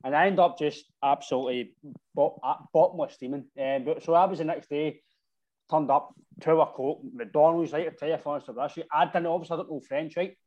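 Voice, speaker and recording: A Scottish man tells a rambling football-trip story in slangy casual chat, tagging "right?" onto his lines. His voice sits a little higher than most men's. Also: fairly quick, a little mellow, highs cut off. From Scotland. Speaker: football supporter telling stories.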